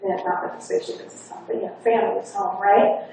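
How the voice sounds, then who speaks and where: A woman's voice: medium pitch, fairly even intonation, fast, gravelly, dark tone. A woman hypnotherapist giving a conference talk, chatting her way through a client's session story. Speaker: hypnotherapist speaker. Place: conference hall. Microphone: faulty wireless lapel mic. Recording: echoey hall, distant mic, faint hiss.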